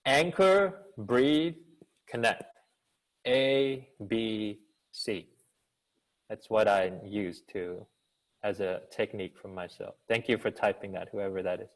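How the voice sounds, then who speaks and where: Over a video call, a man who is a business school professor and communication coach answers questions in an online seminar. He delivers his answers expressively, like an actor, in an energetic coaching tone full of rhetorical questions. He speaks slowly in a lowish voice, and the audio is poor.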